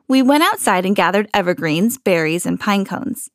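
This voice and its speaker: Lively woman reading a storybook. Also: mid-range voice, moderate pace, hardly any pauses, soft background music. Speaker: podcast host reading to children. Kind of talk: children's storybook read-aloud.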